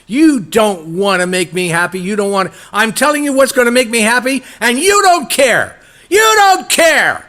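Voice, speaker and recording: A man voicing an angry young princess who shouts accusations. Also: mid-range voice, lively intonation, a little slow, hardly any pauses, husky, voice pushed down. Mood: pleading, accusing.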